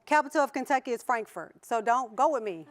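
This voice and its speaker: Speaking a little high and brisk, with animated delivery, a Southern-accented woman gives a motivational keynote before a conference audience. She keeps things playful, laughing frequently and quizzing the listeners.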